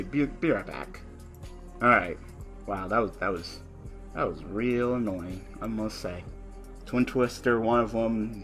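A young man giving profane, frustrated commentary on his online card game, cursing at his opponent. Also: bright, forceful tone. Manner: ranting in a high, laughing voice.

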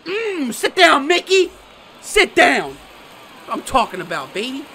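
Excitable high-voiced young man gaming. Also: measured pace, a little hiss or hum. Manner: excitable, swears, shouts and groans at the game. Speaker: gaming YouTuber. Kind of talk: live gameplay reaction commentary.

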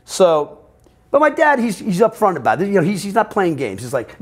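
Man, American accent, middle-aged, interview storytelling, rambling, profane, slightly high voice. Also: fairly quick. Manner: profane, rambling, animated, quotes others in voices. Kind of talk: candid personal storytelling.

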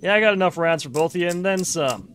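Man, gaming commentary, joking and swearing, slightly high voice, lively pitch, faint music. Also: quick pace, slight background noise. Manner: joking, profane, chatty. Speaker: let's-play host.

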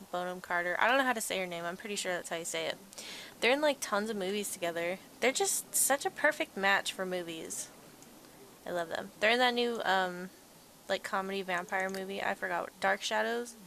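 A woman's voice: mid-range voice, gravelly, fairly bright tone, slight background noise. A woman hosting a casual late-night let's play, chatting and rambling to her game characters. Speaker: gaming channel host.

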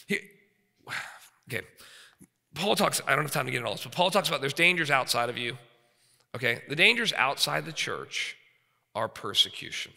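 A forties-aged preacher delivers a forceful sermon in a seminary chapel, where the hall echoes noticeably. His mid-range voice is creaky, pushed, and bright, with lively intonation and a fairly quick pace, and he keeps checking in with the audience rhetorically.

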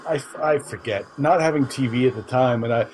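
A man's voice: medium pitch, brisk, darkish tone, faint music behind, poor audio. A man co-hosting a podcast in casual chat, rambling through explanations with many restarts. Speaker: podcast co-host.

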